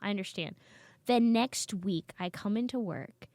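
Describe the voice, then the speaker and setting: A comedian guest, a woman with a mid-range voice, tells stories at a measured pace in a casual chat from a basement studio with no echo. She's animated, acting out the lines of her family members.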